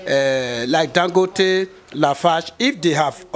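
Male guest, fairly high voice, hesitant and full of fillers. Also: slow. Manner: hesitant, many fillers and restarts. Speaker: cement trade guest. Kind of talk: explaining in an interview.

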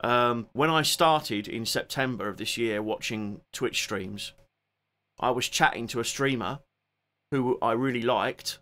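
Seated at home, a Cockney-accented music streamer from England runs a laid-back live chat rather than performing. His mid-range voice has a crisp, bright edge and a measured pace as he rambles, trails off, picks back up, and greets and thanks viewers by name one after another.

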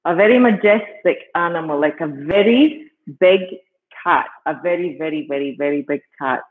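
British male storytelling teacher for kids, high voice, unhurried and patient, tinny video call sound. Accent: British English. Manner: patient, repeats words and keeps checking with "okay?". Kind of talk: storytelling lesson for children.

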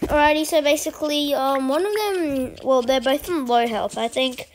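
High-voiced woman chatting over gameplay. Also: moderate pace, slight background noise. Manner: chatty and excitable, urging opponents on. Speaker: gaming channel host. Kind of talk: casual gameplay commentary.

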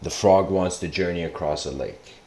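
Man, casual lecture, rambling storyteller, lowish voice, echoey room. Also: moderate pace, darkish tone. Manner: rambling, with many fillers and restarts. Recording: roomy echo.

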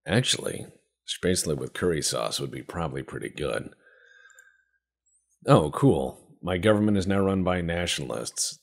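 A man with a deep, slightly husky voice talks over a strategy game. He jokes, swears and rambles off on tangents, and his pitch swings widely as he goes. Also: expressive, normal speed. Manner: joking, profane, rambling asides. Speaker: gameplay commentator. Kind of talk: let's-play commentary.

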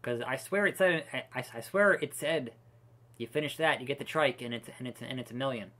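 A man's voice: medium pitch, brisk, bright, forceful tone. A man streaming a park-building game, ranting profanely and exasperated with many restarts. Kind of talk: casual gameplay commentary.

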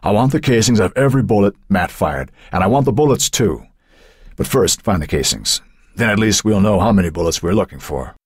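A man doing a police chief who stays calm and firm, measured and soothing yet clearly in charge. The voice is deep and husky, recorded close and dry. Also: dry recording. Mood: commanding.

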